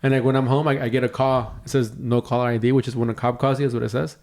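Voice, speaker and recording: This podcast co-host, a young man, spins a lengthy story during a relaxed conversation, doing impressions of its characters and cursing a lot. His mid-range voice is a little mellow, and his delivery is flat and rapid-fire.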